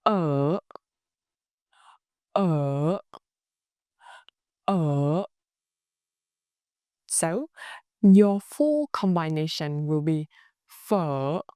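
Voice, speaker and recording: A woman with a Northern Vietnamese accent, a native Vietnamese speaker, teaching pronunciation slowly and carefully and modeling sounds for learners to repeat. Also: fairly low pitch, a little mellow, clean tone, dry recording, clean studio sound. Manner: slow and deliberate, models sounds for repetition. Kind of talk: slow, careful pronunciation lesson.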